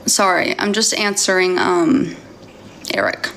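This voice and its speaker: A woman's voice: fairly low pitch, a little slow, creaky, a bit bright, slight background noise. A woman reading a novel aloud on a casual livestream, stumbling now and then and chatting with viewers.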